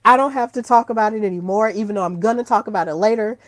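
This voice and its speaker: A woman hosting her own podcast in casual solo chat, gushing and excitable, breaking into squeals when thrilled. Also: mid-range voice, fast talker, no room sound. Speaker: podcast host.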